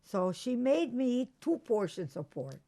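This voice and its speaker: Older woman, slow gravelly testimony. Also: fairly high pitch, very animated, warm tone. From Croatia. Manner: slow, halting recollection with restarts. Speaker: interviewee. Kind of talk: oral history testimony.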